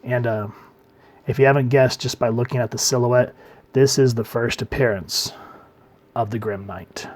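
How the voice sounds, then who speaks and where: A man talks through a comic book in a casual, easygoing review. His voice sits at a middle pitch, and his phrase endings often trail off softly. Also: moderate pace. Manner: relaxed, trails off quietly at phrase ends.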